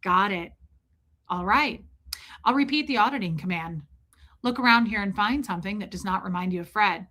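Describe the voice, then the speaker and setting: A woman mimicking a flat, emotionless male auditor. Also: medium pitch, moderate pace, long pauses. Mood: flat, unmoved. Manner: monotone, repeats commands without emotion.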